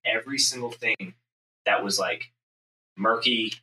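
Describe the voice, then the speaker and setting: Intense profane man, bright echoey sound. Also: lowish voice, moderate pace. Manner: intense, profane storytelling, acts out his inner voice. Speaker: podcast host, business owner. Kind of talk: casual podcast chat. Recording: echoey room, mic at a distance, faint ambient noise.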